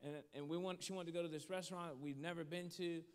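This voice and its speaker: A man telling a story as a motivational speaker, shifting from animated to hushed. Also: on the high side, fast, clean tone. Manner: animated storytelling that drops to a hushed voice for serious moments. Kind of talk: storytelling sermon. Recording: long hall reverb.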